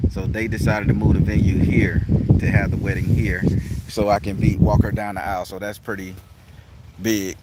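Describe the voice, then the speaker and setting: A man's voice: lowish voice, flat delivery, normal speed. A man chatting casually and profanely to his viewers outdoors, laughing often. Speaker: spiritual practitioner and channel host. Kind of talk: casual vlog chat to viewers. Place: outdoors in a rural natural setting. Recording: loud outdoor noise.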